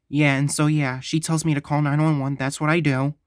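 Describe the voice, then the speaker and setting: A man telling a story on his vlog, halting and stumbling, often repeating himself. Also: a little high, level tone, dry recording, studio quality. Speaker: vlogger.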